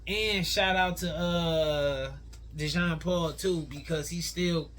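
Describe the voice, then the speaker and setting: Brief: male reaction commentator, bright tone, slightly high, opinionated and slangy. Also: steady tone, takes it slowly. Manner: opinionated, conversational, uses slang.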